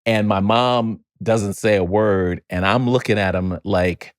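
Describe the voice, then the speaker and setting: A middle-aged man from Chicago, a podcast guest, telling a family story in an animated way and often repeating words while he finds his next thought. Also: on the low side, a little slow, hardly any pauses, no echo, studio quality. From Chicago, United States. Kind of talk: storytelling in a conversational interview.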